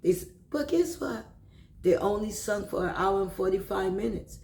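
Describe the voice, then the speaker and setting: A woman's voice: mid-range voice, expressive, moderate pace, darkish tone, echoey room, poor audio. A woman telling a devotional story in an emotional, repetitive way, now and then dropping into a whisper. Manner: emotional, repeats herself, drops into whispers.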